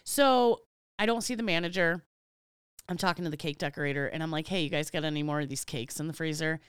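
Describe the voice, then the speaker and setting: In casual chat, a podcast co-host tells a work story, acting out every exchange and venting with casual swearing as an animated storyteller. The medium-pitched voice is smooth and quick, with a dry, clean studio sound.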